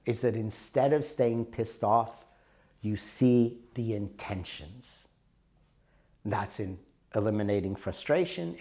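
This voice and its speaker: A middle-aged man teaching a workshop in a conversational, storytelling way with rising and falling emphasis. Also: mid-range voice. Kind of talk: recorded workshop talk.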